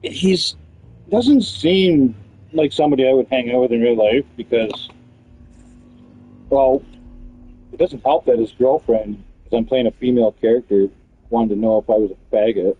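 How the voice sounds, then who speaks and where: A man's voice: medium pitch, normal speed, long pauses, mellow, slightly rough, poor audio. A man telling a long, meandering story about other players in casual chat, swearing freely. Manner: loose, meandering, peppered with swearing and fillers.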